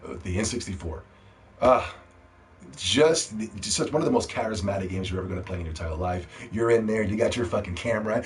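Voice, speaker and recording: A young man hosts a live gaming stream in a loose, profane rant. His pitch swings wide, from low mumbles to excited shouts. He laughs at his own jokes and talks straight to his chat. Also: fairly quick. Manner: animated, profane, playful shouting.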